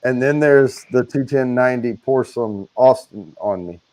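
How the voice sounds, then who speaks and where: A man chatting on a casual livestream, walking through the giveaway details at an easy clip. His voice sits in a middle pitch, relaxed and talkative. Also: unhurried. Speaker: livestream co-host.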